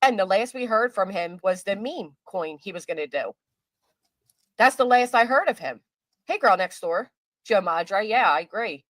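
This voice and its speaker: A woman's voice: mid-range voice, expressive, moderate pace, fairly bright tone, no echo. A woman co-hosting a casual chat, teasing and wry.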